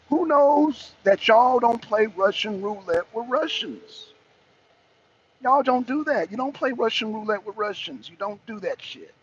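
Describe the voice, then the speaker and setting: A man with a strikingly high, gravelly voice rants through casual live commentary, swearing freely and repeating himself. His pitch swings around a lot as he talks from his car. The audio is slightly dull and lo-fi, with faint traffic noise behind him. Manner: profane, animated and repetitive. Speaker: host of a live political talk show.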